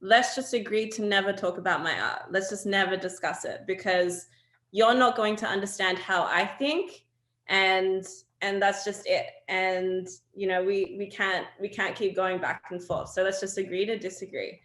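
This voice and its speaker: A woman's voice: medium pitch, normal speed, reverberant. Woman telling candid stories. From Australia. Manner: animated storytelling, laughs often, many fillers. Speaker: guest artist. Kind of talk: candid conversational interview.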